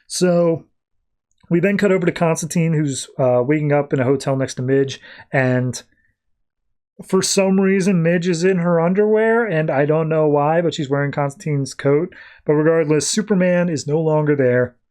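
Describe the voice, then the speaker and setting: A man's voice: a little high, moderate pace, darkish tone. A man hosting a podcast, casually recapping a comic book in a chatty way and acting out the characters' quotes. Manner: chatty, acts out quotes with "he's like". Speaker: podcast host.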